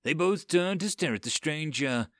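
A man reading a dark fantasy story aloud in an expressive, dramatic way. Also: a little high, normal speed, no echo, clean studio sound. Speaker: narrator. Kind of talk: audiobook story narration.

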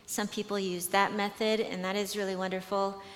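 Woman, conference speaker, chatty storyteller with frequent restarts, mid-pitched, booming hall. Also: flat delivery, moderate pace. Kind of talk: conversational talk with storytelling. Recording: long hall reverb.

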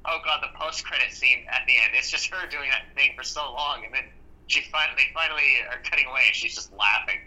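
A man co-hosting a casual movie chat, laughing often and retelling scenes with halting fillers. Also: mid-range voice, sharp tone, low-quality recording. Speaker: podcast co-host.

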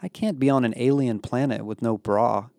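A man's voice: mid-range voice, normal speed, vocal fry, darkish tone, no room sound, close to an everyday voice. A man voicing a skeptical teenage girl who complains and questions everything. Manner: suspicious, complaining.

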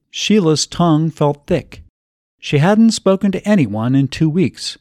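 Man, audiobook narrator, expressive storytelling, slightly high voice, very lively melody, dry close sound. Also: unhurried, dry recording.

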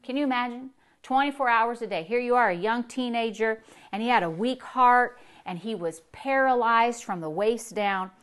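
Woman pastor preaching, hushed to emphatic. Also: fairly high pitch, moderate pace, smooth. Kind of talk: sermon.

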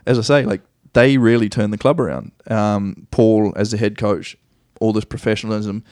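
A man's voice: on the low side, fairly even intonation, normal speed, darkish tone, no room sound, clean studio sound. A man with a New Zealand accent, a podcast guest telling rambling, self-correcting stories about his soccer career in a casual, easy way.

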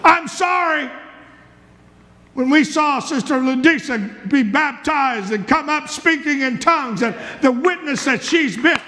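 A male pastor preaching a fervent sermon in a church, with rhythmic repetition and bursts of shouting. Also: very high voice, measured pace, few pauses, long reverb tail.

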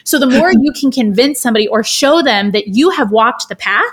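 A woman with a somewhat high voice talks through a framework as a podcast guest. She is animated and theatrical, acting out quick voices to make her points. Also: a loud crowd. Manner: animated, theatrical, does voices when quoting. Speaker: guest speaker. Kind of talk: podcast interview, explaining a framework.

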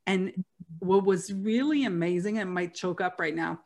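A woman hosting a podcast, telling a personal story in a heartfelt, halting way with many restarts. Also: lowish voice, darkish tone. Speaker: podcast host.

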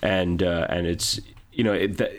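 A man's voice: low-pitched, fairly even intonation, normal speed. A man in a casual podcast chat, meandering and leaning heavily on fillers. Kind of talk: casual chat about accents in games.

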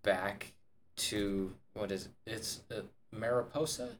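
A man's voice: on the low side, fairly even intonation, slow, a little hiss or hum. A man co-hosting a casual podcast, rambling loosely and peppering his talk with "like". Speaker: podcast co-host.

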